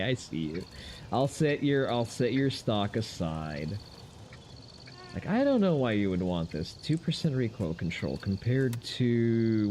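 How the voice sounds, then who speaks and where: A man's voice: lowish voice, mellow, a little hiss or hum. A man giving loose, profane gameplay commentary on a stream, with wry asides to his chat. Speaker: game streamer.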